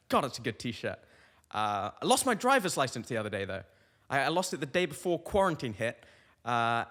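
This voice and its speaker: A young man hosts a comic podcast, wandering from story to story in a loose, rambling way. His voice sits at a middle pitch. A long hall reverb hangs on every line. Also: fairly bright tone. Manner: rambling, tangent-prone storytelling. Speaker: comedian host.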